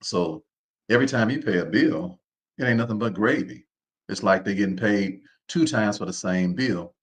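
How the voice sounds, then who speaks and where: A man's voice: fairly low pitch, normal speed. A man hosting a live online seminar. He talks in an informal, preacher-like way, repeats his phrases and keeps calling on the listeners to respond. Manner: preacher-like, calls on the audience to respond. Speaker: host.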